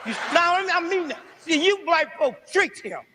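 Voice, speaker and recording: A man's voice: extremely high pitch, expressive, unhurried, pushed and bright, a little hiss or hum, rough recording. A man giving an impassioned, preaching-style speech to an audience that calls back to him, repeating his lines for effect. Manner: fervent, rhetorical, repeats lines with call-and-response. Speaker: speaker addressing a responsive audience.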